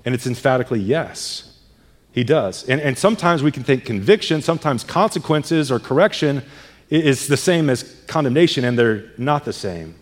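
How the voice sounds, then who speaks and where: A man's voice: medium pitch, expressive, moderate pace. Man preaching emphatically in a reverberant hall. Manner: earnest, emphatic preaching with rhetorical questions. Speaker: pastor. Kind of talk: sermon.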